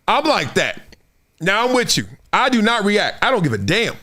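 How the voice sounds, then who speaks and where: A man in his forties hosting a casual sports talk stream, animated and trash-talking, slipping into put-on fan voices. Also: sits high, moderate pace. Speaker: show host.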